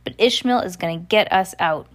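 A woman's voice: on the low side, moderate pace, lightly acted. A drowsy islander man from a storybook whose speech is thick and sluggish from drink, as a woman reads him. He sounds half asleep but still resentful.

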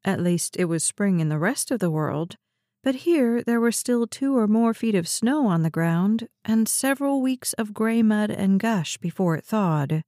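Woman reading a thriller audiobook, warm mellow tone, dry close mic. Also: medium pitch, expressive, a little slow, no room sound. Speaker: audiobook narrator. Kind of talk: scripted narration.

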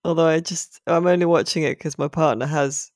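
A woman's voice: sits low, fairly even intonation, fairly quick, a little mellow, no room sound. A woman hosting a podcast in casual chat, dry and wry, laughing often. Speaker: podcast host.

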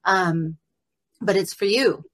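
A woman teacher leading a guided meditation in a gentle, rambling way, often adding "right?" and slowing down and softening as she guides the breathing. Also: medium pitch. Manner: rambling, with many fillers and tag "right?".

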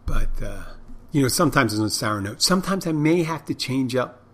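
A man's voice: medium pitch, expressive, a little fast, fairly bright tone. A middle-aged man hosting a podcast in a casual, unscripted monologue. He rambles and jokes dryly, chuckling at his own stories. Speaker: podcast host and restaurant owner.

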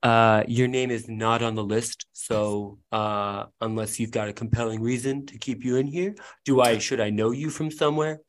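A man's voice: mid-range voice, fairly even intonation, normal speed, hardly any pauses, natural voice. A man voicing a brusque male event staffer who questions guests at the door. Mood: stern. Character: gruff male event staffer, curt doorman.

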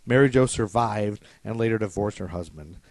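A man's voice: on the low side, moderate pace, a crowd in the background. A man co-hosting a casual podcast, joking and irreverent and happy to mock himself. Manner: joking, irreverent, self-mocking. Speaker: podcast co-host. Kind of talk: casual chat.

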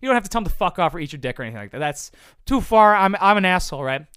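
Blunt, foul-mouthed man with a bright voice. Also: high voice, big pitch swings, very fast, smooth, no echo. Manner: blunt, profane, rambling. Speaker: content creator answering viewer questions. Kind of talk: casual advice chat.

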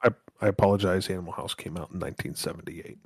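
A man with a lowish voice trades banter as a podcast co-host. He is blunt, sardonic and swears freely. The recording is dry and close. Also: fast talker, breathy edge, no echo.

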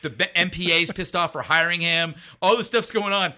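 A man with a very sharp, tense voice tells a story in a conversational interview. He sits a little high in pitch for a man and keeps it lively. He laughs often and acts out the lines of the people in his story. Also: brisk. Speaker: guest.

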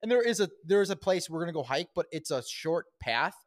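A man's voice: on the high side, expressive. A young man co-hosting a podcast, rambling and joking crudely in casual banter. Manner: fast, rambling, jokey, loud outbursts when acting out scenes. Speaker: podcast co-host.

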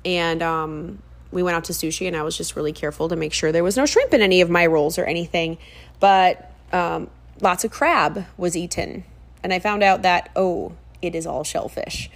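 A young woman who works as a fitness trainer, hosting a casual solo podcast with a chatty, animated manner and lots of ums and asides. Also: on the low side, normal speed. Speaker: podcast host.

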